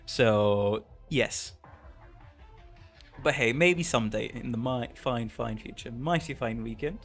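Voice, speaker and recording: A man streaming a game, chatting casually with viewers and reacting aloud in a relaxed manner. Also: mid-range voice, takes it slowly, faint music behind. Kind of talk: casual live-stream chat and reading.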